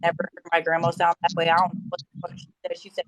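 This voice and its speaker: A woman's voice: fairly low pitch, completely flat delivery, fast, no echo, rough recording. A young woman guest telling a personal story in an emotional, conversational way.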